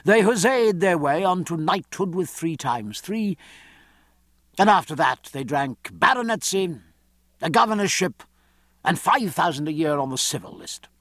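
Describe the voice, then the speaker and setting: Male audiobook reader, expressive and animated, dry studio sound. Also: fairly high pitch, unhurried, no echo. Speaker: audiobook narrator. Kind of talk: scripted narration.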